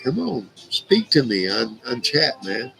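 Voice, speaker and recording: Gravelly, profane man telling stories. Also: medium pitch, big pitch swings, measured pace, pushed and bright, soft background music, rough recording. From Indiana. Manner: profane, rambling, laughs at his own stories. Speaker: livestream host. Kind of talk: casual storytelling to a live chat. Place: at home on a livestream.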